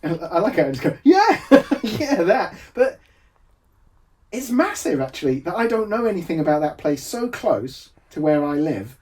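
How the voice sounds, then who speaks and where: A man's voice: fairly high pitch, very animated, moderate pace, a little mellow, far from the mic. A man from England, a games designer, chatting casually on a podcast, laughing often and restarting his sentences. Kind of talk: casual conversation. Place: home room, seen on camera.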